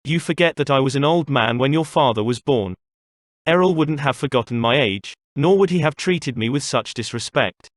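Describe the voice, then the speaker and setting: A haughty old nobleman who sneers at everyone around him, as a man reads him in an audiobook. The voice keeps a middling pitch in a dry, close recording. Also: lively intonation, normal speed, dry recording, lightly acted.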